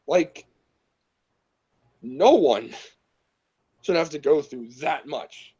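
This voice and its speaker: A man's voice: on the high side, big pitch swings, unhurried, pauses often, mellow, slightly rough, highs cut off. A man co-hosting a casual movie review chat, talking bluntly, swearing and mocking the characters he dislikes. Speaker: podcast co-host.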